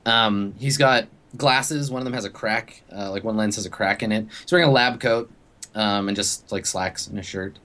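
A man's voice: on the low side, normal speed, sharp tone. A young man narrating a tabletop game as game master, speaking loosely with many fillers.

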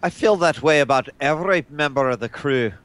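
A man with a somewhat high voice plays a tabletop role-playing game. He speaks bluntly in his character's voice and swears along the way. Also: fairly quick, a bit bright. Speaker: player.

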